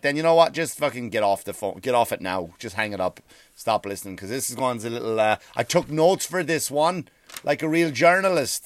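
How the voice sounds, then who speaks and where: Swearing comedian ranting. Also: male voice, medium pitch, dry recording, studio quality. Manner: rambling, swears freely, self-correcting restarts. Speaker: stand-up comedian and podcast host. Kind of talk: profane comic rant.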